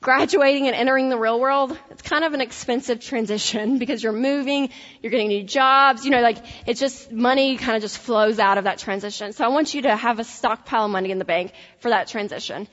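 A woman with a Tennessee accent delivers an animated motivational talk to college students in a high voice. The sound is dull and lo-fi, carrying the long echo of a large hall. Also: brisk. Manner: energetic, animated, laughing asides. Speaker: speaker addressing college students. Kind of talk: motivational faith-based talk.

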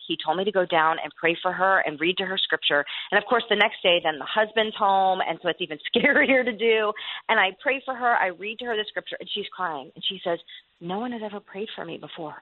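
A woman's voice: fairly low pitch, dry recording. Woman guest on a tinny phone line. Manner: earnest storytelling with laughs. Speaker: guest author. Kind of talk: faith interview.

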